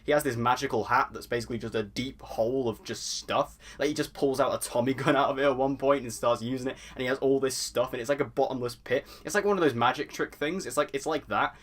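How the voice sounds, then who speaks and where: A man's voice: mid-range voice, quick pace, few pauses, a bit bright. A man reviewing a TV episode in a casual, enthusiastic, chatty way, stacking up praise. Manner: enthusiastic and chatty, piles on "so" and "really". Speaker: TV review vlogger.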